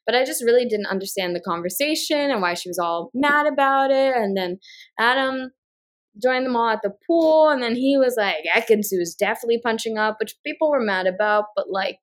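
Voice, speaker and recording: Chatty woman with a higher voice. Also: brisk. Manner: rambling, lots of filler words, animated when retelling. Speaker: podcast co-host. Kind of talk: casual chat.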